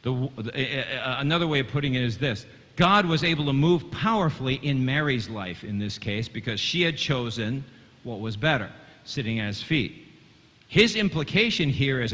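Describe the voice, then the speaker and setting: A man's voice: mid-range voice, moderate pace, fairly bright tone. A man teaching a sermon to a congregation in earnest tones, often catching on repeated fillers and restarts as he asks the listeners to follow along. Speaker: Bible teacher. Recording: long hall reverb.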